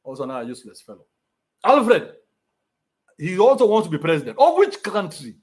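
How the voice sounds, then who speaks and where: A man's voice: high voice, very animated, fairly quick, a little mellow. A young adult man with a Kenyan accent, ranting bluntly in a profane, mocking livestream. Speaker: commentator. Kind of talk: livestream rant.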